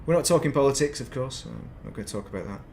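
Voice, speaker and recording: A man's voice: mid-range voice, lively intonation, fast talker, creaky, a little mellow. A man in mid-range voice talks his way through a game session on stream, drifting off on tangents and poking fun at himself. A faint hum of ambience sits under his close desk mic. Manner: rambling, chatty, self-deprecating asides. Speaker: gaming streamer. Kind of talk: casual live-stream chat while playing.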